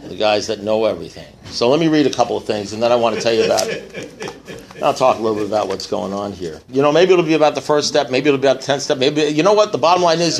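A man speaking at a recovery meeting, telling a long joke and acting out the characters in a rising, excited voice. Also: mid-range voice. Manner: animated storyteller, acts out characters in rising voice.

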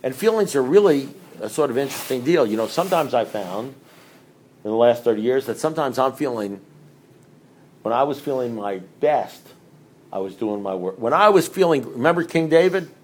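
A middle-aged man speaks to a recovery group in an easy, rambling way, with a voice of ordinary pitch. He keeps turning to the room with questions. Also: lively intonation, normal speed. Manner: rambling, conversational, asks the audience questions.

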